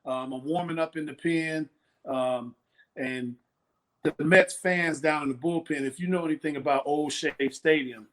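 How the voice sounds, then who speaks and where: Speaking at a moderate pace in a voice on the high side, a sixties-aged ex-ballplayer guests on a laid-back interview. He's a lively storyteller who acts out the voices of anyone he quotes, drawing on his days as a pitcher.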